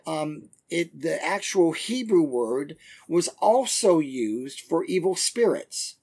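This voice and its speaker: A man teaching verse by verse through a Bible book, talking conversationally with many fillers and reading the passages slowly. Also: a little high, creaky, darkish tone. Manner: reads scripture passages slowly and deliberately.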